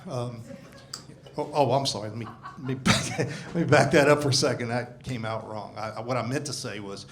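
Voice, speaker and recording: A man's voice: medium pitch, fairly quick, a little hiss or hum. A man in his sixties doing a profane, self-deprecating stand-up set into a handheld microphone on a comedy club stage. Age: 60s. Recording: live comedy club with audience laughter.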